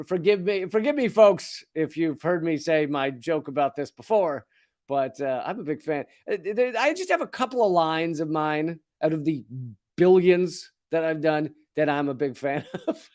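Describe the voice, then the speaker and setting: Sarcastic Southern-accented man, rather high voice. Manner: sarcastic, profane, chuckles at own jokes. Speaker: comedic political commentator. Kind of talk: comedic commentary monologue.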